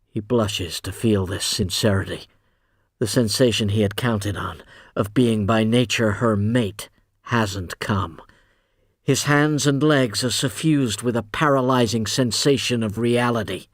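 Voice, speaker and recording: A male audiobook narrator reading a literary novel in a measured, even way. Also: on the low side, dry recording, clean studio sound.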